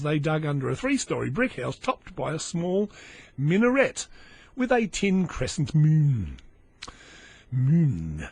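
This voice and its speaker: A middle-aged man reads news items for his podcast and keeps breaking off into wry, meandering comments. His voice sits a touch high and husky. It comes across close and dry, with no room sound. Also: huge pitch swings, a little slow, no echo. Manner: sardonic, rambling asides, stumbles over foreign names. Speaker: podcast host. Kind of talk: reading news aloud with running commentary.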